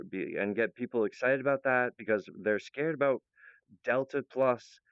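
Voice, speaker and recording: A man with a low, smooth voice rambles excitedly through an off-the-cuff monologue, restarting sentences as he jumps from one idea to the next. The recording is dry and a little dull, with a lo-fi edge. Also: no room sound. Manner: excitable, jumps between ideas. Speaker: video creator.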